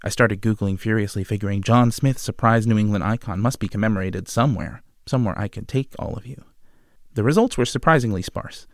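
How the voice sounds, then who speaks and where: A man narrates history from a script, slipping in wry, dry humor. His voice sits on the low side. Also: fairly quick, dry recording. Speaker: podcast host.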